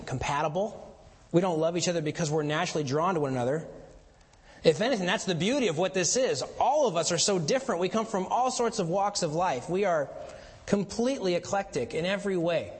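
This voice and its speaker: A man preaching a sermon as pastor, mixing chatty asides with slow, emphatic lines. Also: high voice, long reverb tail.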